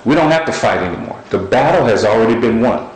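Lower-voiced man preaching in an echoey room. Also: quick pace. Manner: storytelling, animated with sudden high shouts. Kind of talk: sermon.

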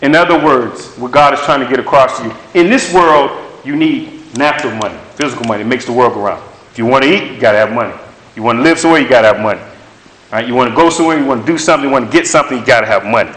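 This preacher talks rapid-fire in a mid-range, fairly bright voice, giving an emphatic, conversational sermon with prophetic words. He drives points home through repetition, and the room echoes.

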